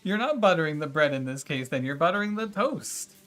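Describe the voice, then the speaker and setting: A man streaming a game rants and argues with his chat in casual livestream talk, his voice on the high side, a bit bright, fairly quick, and lively in intonation. Exasperated, he swears and talks back to viewers while faint music plays behind him.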